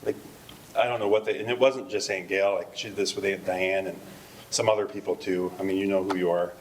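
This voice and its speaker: A man's voice: sits low, little pitch movement, fairly quick, slight background noise, poor audio. A middle-aged man telling family stories at a memorial service in a conversational, rambling way. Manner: rambling, conversational, with frequent fillers and laughs. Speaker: eulogist. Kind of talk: memorial speech with anecdotes.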